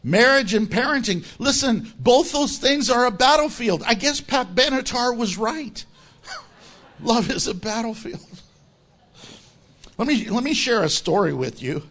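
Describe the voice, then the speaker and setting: Animated, high-voiced preaching man. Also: unhurried. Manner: animated, joking preaching with laughter. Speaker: pastor. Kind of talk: sermon.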